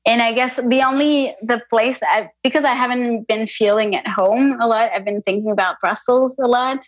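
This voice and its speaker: A woman's voice: fairly high pitch, fairly even intonation, moderate pace, no echo. A woman in casual conversation, listening closely and answering in a thoughtful, hesitant way. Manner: attentive listener, thoughtful and hesitant when speaking. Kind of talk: casual chat.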